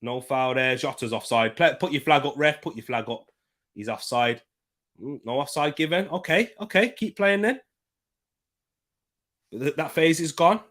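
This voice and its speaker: A young man hosting a live football watchalong from a desk microphone, narrating the play and chatting with viewers, breaking into excited shouts at big chances. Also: on the high side, normal speed, pauses often. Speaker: watchalong host. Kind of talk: live match watchalong commentary.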